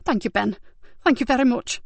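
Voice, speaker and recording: A traumatised young woman, trembling and tense, her voice lifted well above the reader's usual pitch, as a woman narrator puts her on. The read is dry and close, with no room sound. Storybook crime drama. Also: brisk, vocal fry, no room sound. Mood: shaken. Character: frightened injured young woman victim. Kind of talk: audiobook character voice.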